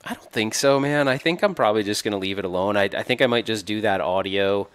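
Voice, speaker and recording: A man's voice: on the low side, fast talker, fairly bright tone, clear, resonant tone. A man co-hosting a casual live stream, rambling and correcting himself as he shows off gear. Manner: rambling, self-correcting, laughs often. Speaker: co-host.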